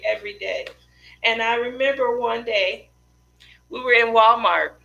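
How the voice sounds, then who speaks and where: A chatty woman in her forties tells stories on a casual craft livestream and often laughs at herself. Her voice is bright and a little sharp, with a gravelly fry at the ends of phrases. She keeps the talk loose and rambling. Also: medium pitch, reverberant, low-quality recording. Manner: chatty, laughing, self-deprecating storyteller. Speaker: craft channel host.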